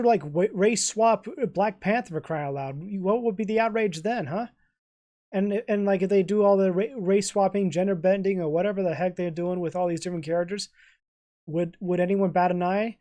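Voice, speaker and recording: A man hosting a reaction video, ranting in a frustrated, halting way with frequent stammers and restarts. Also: high-pitched, darkish tone. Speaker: reaction channel host. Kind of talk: casual reaction rant.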